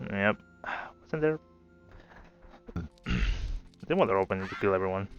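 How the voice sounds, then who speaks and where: Slow and sing-song, a man's voice on the low side carries a wandering, laid-back story he tells while gaming, with occasional swearing. He makes gameplay videos and this is casual commentary. Faint game music plays, and the sound is slightly dull.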